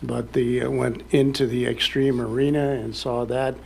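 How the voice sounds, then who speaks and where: A man's voice: mid-range voice, flat delivery, moderate pace, gravelly, darkish tone, a little hiss or hum. A man speaking at a city council meeting in a folksy, rambling way, full of fillers and restarts.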